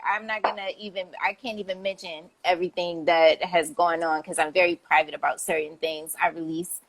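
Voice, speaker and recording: A woman's voice: lowish voice, fairly even intonation, brisk. A woman hosting a casual live-stream chat, upbeat and laughing often. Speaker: host, publicist. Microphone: phone or video call.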